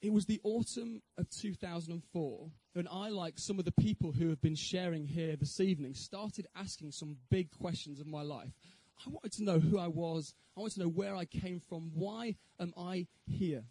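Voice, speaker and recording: Earnest high-voiced man giving a talk. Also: moderate pace, few pauses, dark tone, husky, low-quality recording. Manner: earnest, rhetorical questions to the audience. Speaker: speaker giving a Christian talk. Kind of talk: evangelistic talk with personal testimony.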